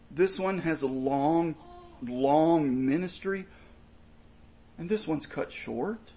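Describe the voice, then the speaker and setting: A man's voice: fairly high pitch, slow, long pauses, mellow, rough recording. A man preaching a sermon, explaining scripture in an earnest, emphatic way with frequent repetition. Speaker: pastor.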